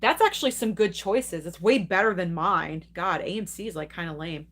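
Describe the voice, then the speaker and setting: A woman's voice: fairly low pitch, moderate pace, a bit bright. A young adult woman hosting a live movie stream, chatting casually and enthusiastically while reading and answering viewer comments, laughing often.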